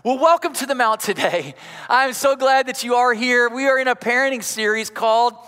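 A man's voice: extremely high pitch, moderate pace, bright, forceful tone, smooth. A man preaching as a pastor, emphatic and coaxing the congregation with call-outs in a large church. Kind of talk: energetic sermon. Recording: long church-hall reverb.

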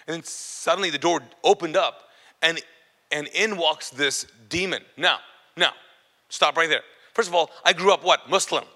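A man tells a personal testimony in an animated, self-mocking way, playing to an audience. His voice is strikingly bright and sits a little high. It rings with the long reverb of a large hall. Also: normal speed. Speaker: speaker giving a personal testimony. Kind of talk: humorous storytelling testimony to an audience.

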